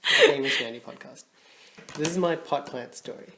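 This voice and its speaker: A man's voice: fairly high pitch, a little fast, gravelly. A young man, co-hosting a podcast, telling funny stories with lots of laughter and acted-out dialogue. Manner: animated, laughs often, acts out quoted dialogue. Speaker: podcast co-host. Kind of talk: casual storytelling. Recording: echoey room with faint noise.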